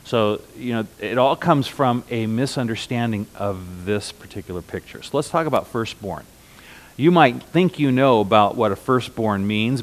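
Low-voiced man preaching a sermon. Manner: conversational teaching with slow, emphatic repetitions. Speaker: pastor.

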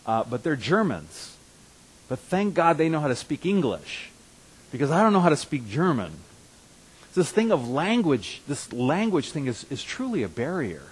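A man's voice: medium pitch, breathy edge, low-quality recording. A man preaching a conversational sermon as pastor, who repeats and restarts words and rises to emphatic bursts. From Russia. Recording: faint hiss.

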